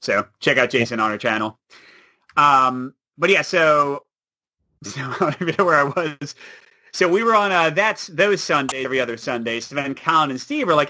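A man chatting as a podcast guest, animated and laughing often. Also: a little high, fairly quick. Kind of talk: casual chat.

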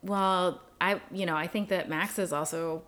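A woman's voice: on the low side, normal speed. A woman co-hosting a podcast, chatting casually and telling stories with animation. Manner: animated, laughing storyteller. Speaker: podcast co-host. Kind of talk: casual chat.

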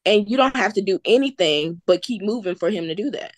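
A woman's voice: mid-range voice, animated, a little fast, a little hiss or hum. A woman from the American South, a business founder, telling her story in an earnest, faith-filled, encouraging way during an interview. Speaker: entrepreneur guest. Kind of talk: casual interview chat.

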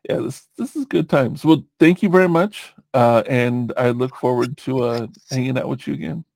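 A man's voice: mid-range voice, moderate pace, vocal fry, darkish tone, dry recording. A man hosting a podcast, chatting casually in a rambling way, with lots of fillers and easy laughs. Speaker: podcast host.

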